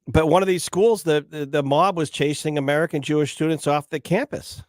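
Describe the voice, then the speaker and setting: A man hosting a morning radio talk show, telling stories in a chatty, animated way with many restarts. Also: a little high, brisk, dry recording, clean studio sound. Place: radio studio.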